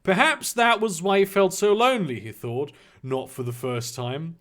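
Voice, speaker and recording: A man's voice: sits high, normal speed, a bit bright. A man reading fan fiction aloud and mocking it with crude, sarcastic commentary and frequent swearing. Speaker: reader and commentator.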